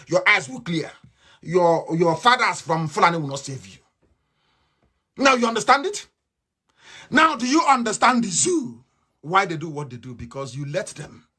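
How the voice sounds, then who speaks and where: A man giving a fiery political address, impassioned and swinging from shouts to low mutters. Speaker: activist speaker.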